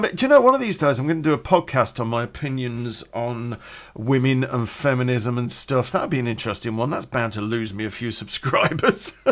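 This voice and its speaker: A man hosting his own storytelling podcast, talking in a rambling, chatty way and laughing at his own jokes. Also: medium pitch. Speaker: podcast host. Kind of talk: casual storytelling podcast intro.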